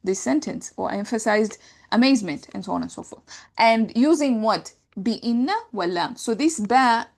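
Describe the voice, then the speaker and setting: Higher-voiced woman teaching Arabic grammar. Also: lively intonation, moderate pace, gravelly. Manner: explains step by step, checks understanding with "right?". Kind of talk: classroom lecture.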